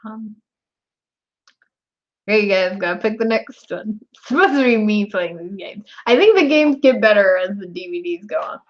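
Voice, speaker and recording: A young woman chats with the viewers of her live stream, addressing her chat directly and laughing often. Her voice is expressive and moves up and down a lot in pitch, at a normal speed. The recording sounds dull and lo-fi.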